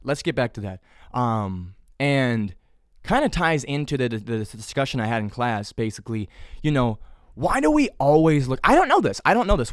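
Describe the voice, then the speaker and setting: Lively swearing young male podcaster. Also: medium pitch, no echo, clean studio sound. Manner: rambling, swears casually, mocks his past self in a whiny voice. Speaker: podcast host. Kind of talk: casual solo podcast monologue.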